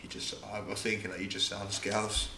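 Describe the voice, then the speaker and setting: A man's voice: on the low side, little pitch movement, fairly quick, roomy sound, a crowd in the background. A man co-hosting a podcast, chatting casually and rambling a little as he swears through his points. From southern England. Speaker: podcast co-host. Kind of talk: casual chat. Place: living room of a home.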